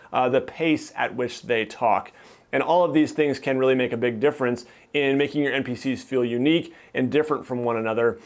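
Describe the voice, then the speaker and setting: A man hosting a channel, giving casual, easygoing advice to fellow dungeon masters with a self-deprecating, chatty manner. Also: medium pitch. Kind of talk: casual instructional talk to camera.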